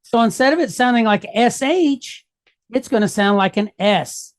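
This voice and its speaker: A woman's voice: on the high side, animated, normal speed. A woman teaching a Hebrew reading lesson, patiently explaining each mark and checking in with "okay?" and "right?". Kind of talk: walking through a worksheet lesson.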